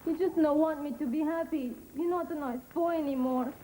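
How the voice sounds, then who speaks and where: A woman's voice: high voice, a little fast, mellow, slight background noise, natural voice, rough recording. A woman playing a sweet, naive young foreign woman who speaks in broken English in a sitcom. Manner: broken English, simple, innocent. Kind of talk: sitcom acting.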